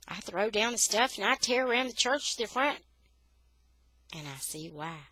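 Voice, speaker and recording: A woman reading a children's novel aloud for English learners, with steady, expressive storytelling. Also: mid-range voice, moderate pace, no room sound.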